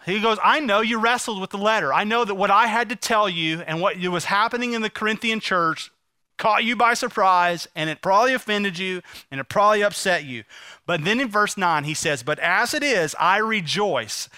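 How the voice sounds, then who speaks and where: High, bright-voiced man preaching. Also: moderate pace, dry recording. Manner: preaching with rising emphasis, paraphrasing scripture conversationally; calls for congregation response. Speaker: pastor. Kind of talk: sermon.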